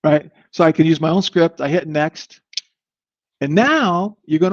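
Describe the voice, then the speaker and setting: A man hosting a live webinar, demoing software in an upbeat, rambling sales manner. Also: a little high, a little slow, no echo. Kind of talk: live online product demo. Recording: slightly muffled dry audio.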